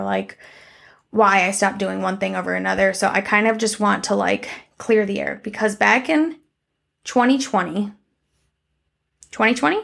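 A young woman talks straight to her viewers in a loose, candid monologue, dotted with "like" and "um" and the occasional curse. Her voice sits at a middle pitch, and a gravelly fry runs through it. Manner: candid and conversational, with frequent "like" and "um" and some swearing. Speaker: vlogger. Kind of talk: casual personal life-update monologue.

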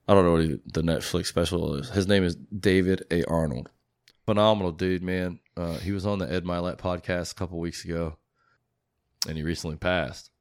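Hosting a podcast, a man chats casually in a laid-back, off-the-cuff style, wandering from point to point and swearing plenty. His voice is very deep and smooth, captured close and dry without any room reverb.

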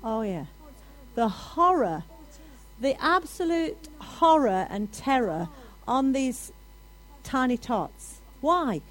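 A woman preaching a sermon to a congregation, animated and building to loud, emphatic declarations. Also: sits high, slow, poor audio.

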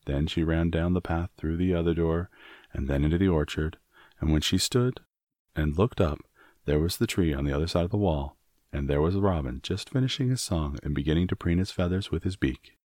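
A man narrating a storybook in a measured, expressive reading. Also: deep voice, no echo, studio quality. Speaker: audiobook narrator.

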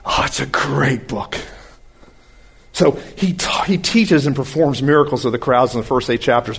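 A man giving a conversational sermon-style Bible lesson, folksy and animated, who swings between brisk asides and slow, quiet emphasis. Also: medium pitch, vocal fry, breathy edge. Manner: folksy, animated, uses homespun comparisons. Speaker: Bible teacher.

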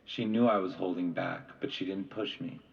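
A man with a low voice reads first-person novel narration in a plain, conversational way. The recording sounds dull and a bit distant from the mic. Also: steady tone, normal speed, gravelly, breathy edge. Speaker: audiobook reader.

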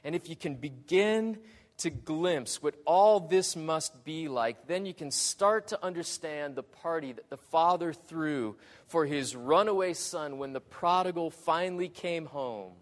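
Slow, deliberate male preacher in a reverberant hall. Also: a little high, expressive. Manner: slow, deliberate preaching with dramatic swells and quiet drops. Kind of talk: sermon.

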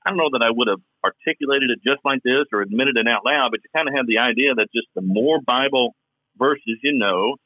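A man's voice: mid-range voice, dry recording. Southern man on a tinny phone line. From Kentucky. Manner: thoughtful, explaining at length. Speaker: podcast co-host. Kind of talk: casual podcast chat.

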